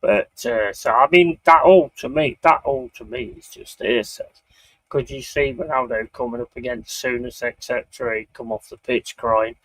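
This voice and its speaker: A man's voice: medium pitch, normal speed, fairly bright tone, poor audio. A man from England with a Bristol accent, hosting a live stream and chatting casually with a guest while reading out chat comments, in a joking, laid-back way. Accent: Bristol English. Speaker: stream host. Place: home streaming setup.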